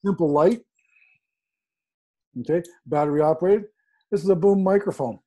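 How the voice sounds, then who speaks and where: A man telling a story in a casual, animated way, acting out quoted dialogue with sudden jumps in pitch. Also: moderate pace. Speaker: guest speaker.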